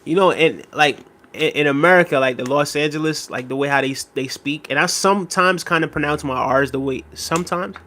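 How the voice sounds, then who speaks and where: Brisk and sharp-toned, a young male streamer with a slightly high voice reacts to his chat. He wanders from point to point, using many fillers as he reads viewer comments and answers them casually.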